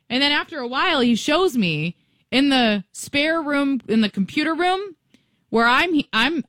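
A woman's voice: mid-range voice, a bit bright, no echo, studio quality. A woman hosting a morning radio show, telling a personal story in casual chat and acting out both sides of the conversation.

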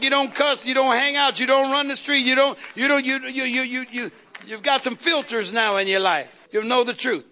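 High bright preacher guy, call and response, keeps repeating lines louder. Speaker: pastor. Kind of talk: sermon.

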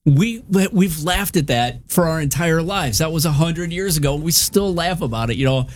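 A man's voice: a little high, lively intonation, moderate pace. Middle-aged man laughing through anecdotes. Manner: laughs at his own stories. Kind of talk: casual chat, anecdotes.

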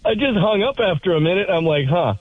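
Animated husky man on a phone line. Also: high-pitched, fast. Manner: animated storyteller, mimics voices, laughs a lot. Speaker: caller. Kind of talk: storytelling phone call.

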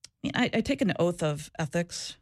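A woman's voice: on the low side, animated, brisk, no room sound, studio quality. A woman who used to be a social worker, talking candidly in an interview, earnest and reflective, often restarting and repeating herself. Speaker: former social worker, guest.

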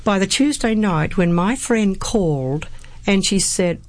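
A woman's voice: mid-range voice, animated, unhurried, darkish tone, no room sound. A woman talking earnestly as an interview guest, telling a personal faith story and quoting scripture. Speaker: guest speaker. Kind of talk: personal testimony in conversation.

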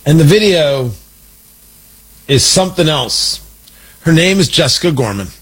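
Man, high husky voice, combative opinion monologue, mocking tone. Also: animated, unhurried, a bit bright, poor audio. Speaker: political commentator host.

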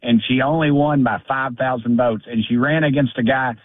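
A man with a drawl comes through a thin, tinny phone line, the sound dry and close with no room around it. He talks blunt and folksy at an ordinary pitch, piling up repeated phrases as his anger builds. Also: steady tone, moderate pace, no room sound. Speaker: congressman calling in. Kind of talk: fired-up political call-in.

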